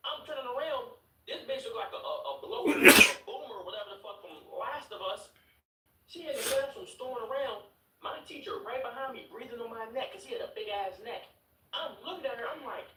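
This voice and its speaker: Lively, roomy-sounding young streamer man. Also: extremely high pitch, a little fast, recorded from a distance, noisy background. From Chicago. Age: 20s. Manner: animated, profane, repeats words and laughs while telling the story. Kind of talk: casual storytelling to a live chat. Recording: roomy room, mic set back.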